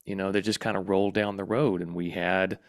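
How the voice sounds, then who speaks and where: A man's voice: low voice, flat delivery, a little fast. A middle-aged male host chatting in an interview, recalling old times in a reflective way. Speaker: podcast host. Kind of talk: casual interview chat.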